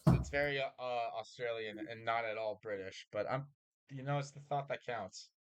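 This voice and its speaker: A man hosting a gaming podcast and trading casual banter with his co-host. His voice sits at an ordinary middle pitch. He jokes, swears freely and laughs often. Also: normal speed, clean tone.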